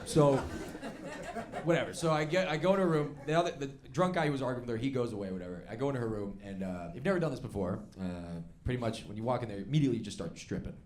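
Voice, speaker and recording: A man doing stand-up storytelling on stage, animated and laughing along as he acts out the voices in his story. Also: mid-range voice, quick pace. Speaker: stand-up comedian. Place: comedy club stage before a live audience. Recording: stage mic with loud crowd laughter.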